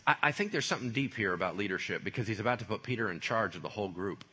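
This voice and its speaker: A man preaching a sermon in a lively, conversational way, full of casual slang. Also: fairly low pitch, very fast, slightly rough. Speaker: pastor.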